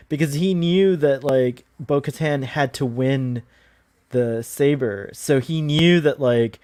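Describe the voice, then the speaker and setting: A man's voice: on the high side, measured pace, darkish tone. A man co-hosting a podcast, chatting eagerly with lots of laughs and fillers. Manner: enthusiastic, laughs often, hesitant fillers. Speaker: podcast co-host. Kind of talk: casual chat.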